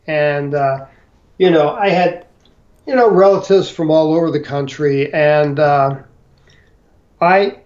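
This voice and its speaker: Older man from Missouri, slow, halting, many fillers, slightly higher pitch. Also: a little mellow, dull audio. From St. Louis, Missouri. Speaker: interview guest. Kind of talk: storytelling interview.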